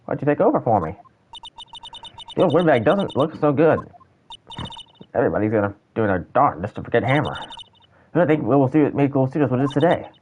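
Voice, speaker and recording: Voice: medium pitch, sing-song, quick pace, long pauses, darkish tone, a little hiss or hum, close to an everyday voice. A streamer voicing a cranky old female security guard, grumbling and ranting while reading game dialogue aloud.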